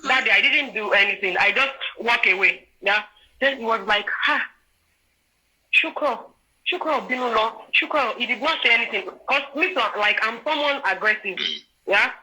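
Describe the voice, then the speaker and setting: Animated young woman, Nigerian accent. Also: a little high, a little fast, rough recording. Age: 20s. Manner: animated, often checks in with "do you understand?". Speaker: guest sharing a personal story. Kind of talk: casual storytelling chat.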